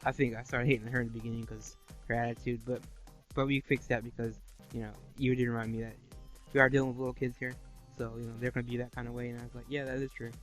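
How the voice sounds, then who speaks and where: Guy rambling fast about a show he liked, lots of you-knows, faint music behind. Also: mid-range voice, level tone. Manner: rambling, many "you know" fillers. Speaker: co-host of an anime review show. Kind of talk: casual review chat.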